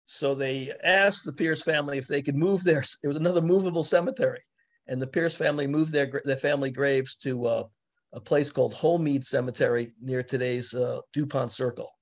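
A man, an author and historian, giving a virtual book talk over a video call. He speaks haltingly, with frequent restarts and fillers. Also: mid-range voice, fairly even intonation. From the Bronx, New York.

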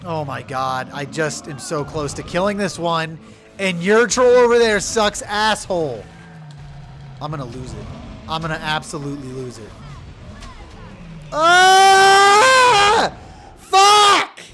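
A young man giving loud, profane let's play commentary, yelling at his game companion. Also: on the high side, normal speed, soft background music. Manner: excitable, swears loudly, yells at his companion. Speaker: gaming video creator.

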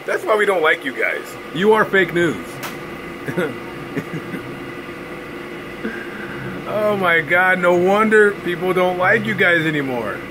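Male vlogger, mocking rant, slightly high voice, noisy AC hum in the room. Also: lively intonation, moderate pace, hardly any pauses. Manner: sarcastic, mocking, laughs at own jokes. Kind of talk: casual ranting commentary.

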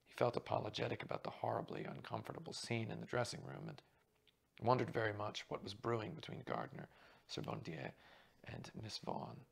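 A man quietly reading a mystery novel aloud as narrator. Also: on the low side, brisk, creaky, husky. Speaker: reader.

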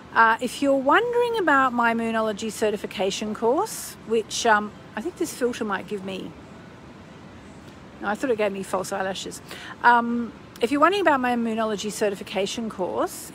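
Chatty woman astrologer with a gravelly voice. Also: a little high, a little hiss or hum, low-quality recording. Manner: chatty and rambling, with many ums; bursts of gushing enthusiasm. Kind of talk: casual live-stream chat.

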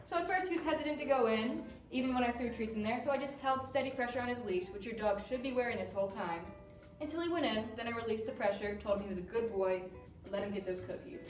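Woman dog trainer talking calm but firm, kinda high voice, echoey and a bit far off. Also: fast talker. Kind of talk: instructional demonstration. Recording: roomy sound from a distance with music.

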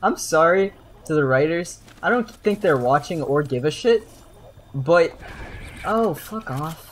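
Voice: mid-range voice, expressive, measured pace, a little hiss or hum. Young streamer rambling and cussing mid-game, voice jumps all over the place, laughs a lot. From New Jersey. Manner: rambling, profane, laughs often. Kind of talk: casual gaming stream chatter.

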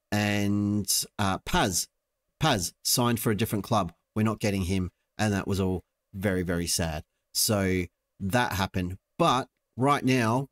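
Jokey young man narrating his game. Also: on the low side. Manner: playful, jokey, talks to the screen. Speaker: gaming channel host. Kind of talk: let's-play commentary.

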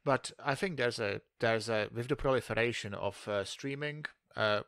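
A man co-hosting a podcast, thinking aloud about tech in a halting way with many fillers. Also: medium pitch, fairly bright tone, no echo, clean studio sound. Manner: halting, lots of uh and restarts. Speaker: podcast co-host. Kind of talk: casual tech chat.

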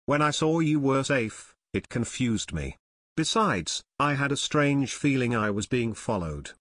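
A man's voice: medium pitch, animated, a little slow, fairly bright tone, no echo. A man reading a frightened male costume dealer who speaks shakily and brokenly, in an audiobook. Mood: confessing. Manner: shaky, broken, pleading.

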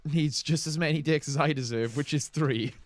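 A man with a slightly high voice trades deadpan jokes and teases his co-hosts. His delivery is casual and playful. He is recorded close and dry. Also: normal speed, no echo. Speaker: co-host of a gaming channel. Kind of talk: joking casual chat over gameplay.

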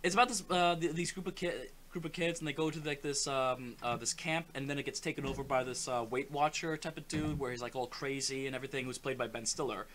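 A man's voice: mid-range voice, fairly even intonation, fast, few pauses, a little hiss or hum. A man chatting casually over a co-op game, rambling through stories with lots of fillers. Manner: rambling storyteller, many fillers, loud shouted bits. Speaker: co-op gaming commentator. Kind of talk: casual gameplay chat.

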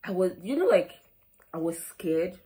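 A young Nigerian woman with a Nigerian accent, telling an animated storytime vlog, full of quoted back-and-forth and "like". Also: on the low side, measured pace, rough recording. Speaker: vlogger.

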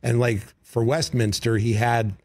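A man, a comedy writer and guest, telling stories casually in a radio studio, animated, with quick asides and acted-out quotes. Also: mid-range voice, no room sound. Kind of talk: casual interview storytelling.

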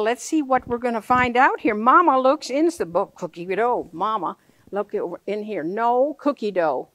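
A woman's voice: on the high side, no echo. A woman reading a picture book aloud to children, playful and full of questions for her listeners.

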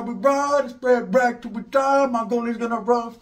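A fairly high-voiced man working through a comedic story in a profane, slangy monologue. He talks in animated bursts and drops into low, muttered voices whenever he quotes other people. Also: normal speed.

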